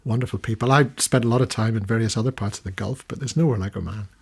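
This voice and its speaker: An older man, a retired documentary filmmaker from the United Kingdom, recounting his career as a guest in a long-form radio studio interview, animated and full of restarts. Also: fairly low pitch, fast, vocal fry, husky. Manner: storytelling, animated when recounting, many restarts.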